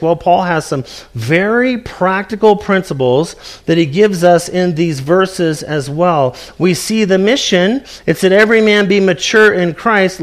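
A man preaching a sermon to a congregation, earnest and emphatic, asking rhetorical questions and repeating his key phrases. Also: sits high. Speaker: pastor.

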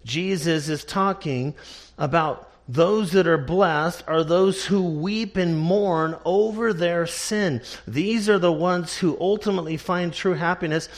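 A man preaching a sermon in a measured, emphatic way, slowing down to stress key words. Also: high-pitched.

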